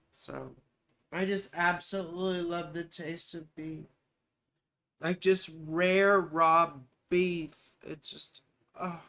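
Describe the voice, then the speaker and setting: A woman's voice: lowish voice, fairly bright tone. A woman astrologer giving a live chart reading. She talks in a rambling way, drifts into asides, and calls the viewer sweetheart and baby.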